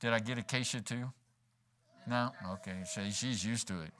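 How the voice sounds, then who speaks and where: A man's voice: mid-range voice, normal speed, a bit bright, a little hiss or hum. A man preaching a sermon in a church, folksy and joking, acting out quoted lines as he goes. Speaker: pastor. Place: church sanctuary.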